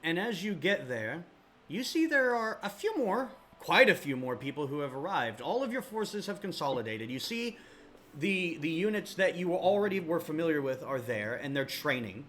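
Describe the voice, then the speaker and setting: Man narrating as game master, casual, rambling, bright, lively pitch. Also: moderate pace, a little hiss or hum. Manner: casual, filler-heavy, rambling.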